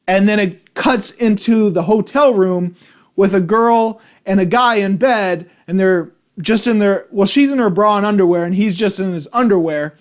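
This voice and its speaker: A man with a high voice talks through a film review in a loose, rambling way. He keeps restarting sentences and sounds exasperated by what he saw. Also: normal speed. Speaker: movie reviewer. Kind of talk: casual spoken film review.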